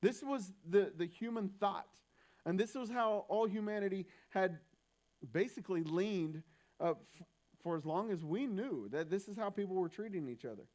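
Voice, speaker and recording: A man's voice: high voice, normal speed, a little mellow. A young man preaching a sermon in a church, talking in a loose, conversational way with frequent restarts. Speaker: pastor.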